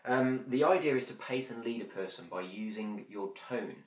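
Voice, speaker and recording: Brief: male instructor, lowish voice, fast and chatty, slight room echo. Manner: quick, chatty, frequent fillers; drops to slow whispery demonstrations. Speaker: hypnosis instructor. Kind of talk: conversational teaching. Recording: roomy echo.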